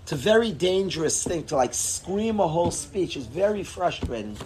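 Male rabbi teaching a lively Torah lesson: high, very animated voice, light background hiss. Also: normal speed. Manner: animated, expressive, swings between low and loud. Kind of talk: Torah class lecture.

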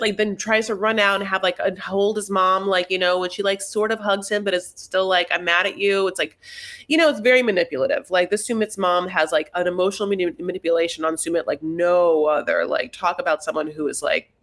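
A woman's voice: mid-range voice, a bit bright. A sassy woman co-host in a loose, profane recap chat, piling up "like" and "honey." Her voice sits in a mid, ordinary range. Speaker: podcast co-host. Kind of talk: casual reality-TV recap chat.

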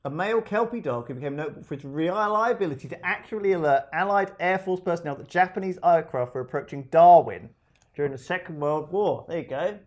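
A man's voice: fairly high pitch, fast. A man telling a story in a casual chat with a friend, rambling with restarts.

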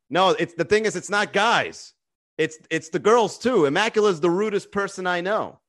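A comedian with a somewhat high voice hosts a casual livestream on his phone. He rambles, swears freely and roasts his viewers by name. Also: fairly bright tone. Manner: profane, rambling, teasing. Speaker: stand-up comedian and livestream host.

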